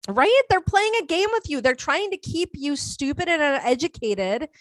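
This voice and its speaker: A woman's voice: sits high, expressive, moderate pace, no echo. A woman co-hosting an internet radio show, talking casually in an emphatic, opinionated way. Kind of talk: casual chat.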